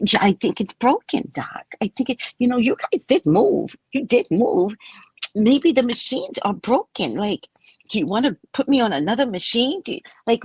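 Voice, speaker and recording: A woman's voice: mid-range voice, darkish tone, husky, no echo. A woman hosting a live show, telling a story casually and animatedly, acting out her own pleading in a whispery voice. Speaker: host and psychic reader.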